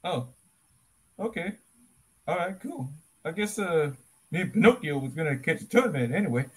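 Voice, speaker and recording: A man plays an eager, motor-mouthed talking donkey whose pitch leaps all over the place. The voice is a little husky around the edges, and he rambles, then bursts out loud. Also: lively intonation, normal speed. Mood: rambling. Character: chatty excitable male talking donkey. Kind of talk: fan dub of an animated film.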